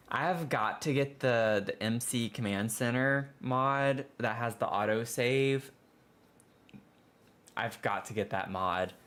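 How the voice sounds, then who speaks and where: At a slow pace, a man with a medium, slightly bright voice chats his way through a building game on stream. He's a game streamer who gets frustrated, complaining about bugs and groaning dramatically at every mishap.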